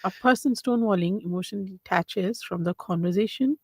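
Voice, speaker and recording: A woman's voice: mid-range voice, brisk, slightly rough, no echo. A woman co-hosting a radio counselling show, asking short probing questions and summing up points. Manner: brief, probing questions and summaries. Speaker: radio co-host. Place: radio studio.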